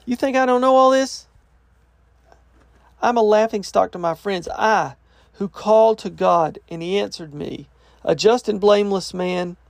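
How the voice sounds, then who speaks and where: A man's voice: high voice, creaky, a little mellow, no echo. A man teaching through a scripture passage verse by verse, reading each part aloud and then restating it in plain, casual words. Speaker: Bible teacher.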